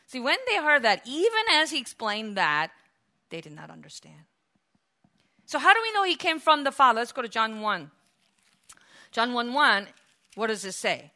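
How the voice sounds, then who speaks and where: A woman preaching a sermon and reading scripture, fervent, rising to loud exclamations and asking her listeners questions she then answers. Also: fairly high pitch, very animated, moderate pace.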